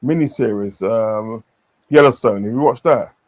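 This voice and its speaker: A man's voice: mid-range voice, moderate pace, a little mellow. A man chatting casually on a stream, rambling with many fillers and repeated phrases. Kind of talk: casual chat.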